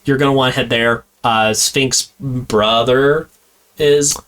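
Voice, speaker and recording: A male podcast host recaps an episode in loose, rambling chat, stacking fillers and breaking into laughs as he goes. His pitch sits right in the middle for a man. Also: steady tone, slow pace, fairly bright tone. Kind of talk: casual chat.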